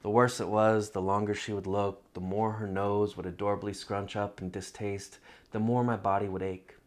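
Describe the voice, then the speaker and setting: Low-voiced man narrating his own story. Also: flat delivery. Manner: measured, reflective storytelling. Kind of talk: literary first-person narration.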